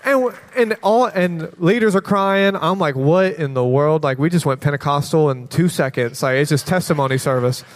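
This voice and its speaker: A man speaking as a children's pastor in a church, telling lively stories with quoted kids' voices and bursts of laughter. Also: a little high, normal speed, few pauses. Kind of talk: sermon testimony. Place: church sanctuary. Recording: long hall reverb.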